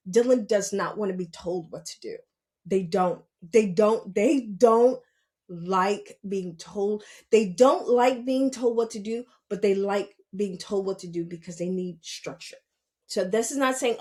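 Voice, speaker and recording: A woman's voice: medium pitch, normal speed, darkish tone. A middle-aged woman talking casually on a podcast as a parent, earnest and repeating her points for emphasis. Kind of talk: casual talk.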